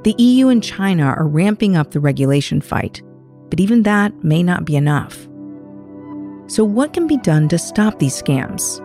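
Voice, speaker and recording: A woman guest-hosting a news podcast, narrating a script in a measured, explanatory way and putting questions to her guest. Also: on the low side, very animated, warm tone, faint music behind.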